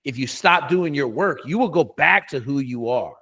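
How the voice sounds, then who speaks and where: A man's voice: mid-range voice, animated, normal speed, fairly bright tone, slightly rough. A middle-aged man, a coach, telling a story in a casual interview, blunt and profane with lots of emphasis.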